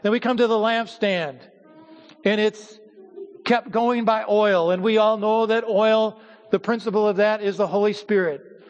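A man preaching a sermon to his church as its pastor, teaching at a measured pace with pauses and repeated words. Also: high voice, steady tone, dull audio. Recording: hall reverb.

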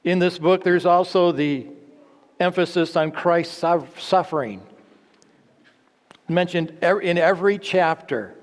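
A man delivers an earnest teaching sermon, posing rhetorical questions and sometimes stumbling to restart a phrase. His voice sits a little high for a man. The sound carries a long hall reverb around it. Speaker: preacher.

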